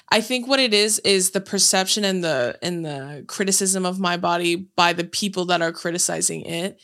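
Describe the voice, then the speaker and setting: A woman's voice: on the low side, fairly bright tone. A young adult woman co-hosting a podcast in casual chat, blunt and outspoken, swearing freely. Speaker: podcast co-host.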